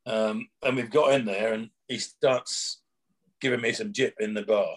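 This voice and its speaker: Husky guy rambling through old prison stories, quoting folks, chuckling. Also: fairly low pitch, fairly even intonation, unhurried. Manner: rambling anecdotes with quoted dialogue and chuckles. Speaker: former prison officer telling stories. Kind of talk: casual storytelling chat.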